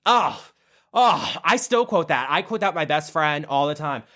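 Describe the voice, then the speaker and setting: Lively, profane gossiping podcast host man. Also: a little high, normal speed. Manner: animated, profane, gushing fan talk. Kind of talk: casual gossip monologue.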